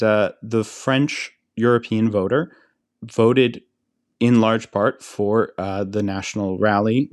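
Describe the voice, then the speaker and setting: An American man co-hosting a podcast, explaining politics in a measured, hesitant way with many fillers. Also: on the low side, a little mellow, no room sound, studio quality. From United States. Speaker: podcast co-host.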